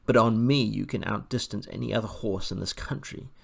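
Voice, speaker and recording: A man voicing a proud gravelly talking war horse. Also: fairly low pitch, fairly quick, exaggerated voice. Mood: persuasive. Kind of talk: audiobook character voice.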